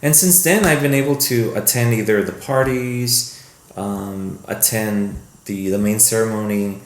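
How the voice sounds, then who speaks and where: Film producer guest, male, low register, loose storyteller who acts out quotes; echoey room, faint background noise. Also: measured pace. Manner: rambling, animated, acts out quoted voices. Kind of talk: casual podcast storytelling.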